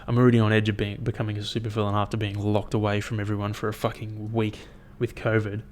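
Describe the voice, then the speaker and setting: A young man hosting his own podcast, chatting in a rambling, profane, animated way as he tells stories. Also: on the low side, quick pace, slight background noise. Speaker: podcast host. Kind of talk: casual solo podcast chat.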